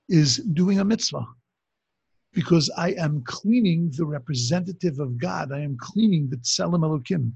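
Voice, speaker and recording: A man with a very husky, gravelly voice, pitched a little high, gives a religious teaching talk. He tells stories in a loose, conversational way and often restarts his sentences. The recording is dry and dull, with a lo-fi sound. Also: darkish tone, no echo. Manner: conversational storytelling with many restarts. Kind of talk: Torah class talk.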